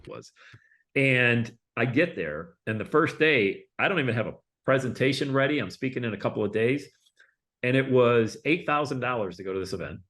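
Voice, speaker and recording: A man's voice: mid-range voice, moderate pace. A man speaking as a guest in a casual interview, telling his stories in a loose, conversational way. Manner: animated, acts out quoted voices, loose and conversational. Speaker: guest, public speaker and coach.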